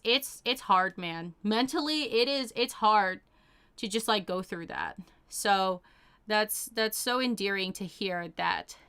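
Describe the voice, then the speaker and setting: A woman's voice: medium pitch, bright, forceful tone, clean tone. A young woman casually chatting as she reads out chat messages, bubbly and gushing, full of "like" and "oh my gosh". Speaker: streamer reading chat.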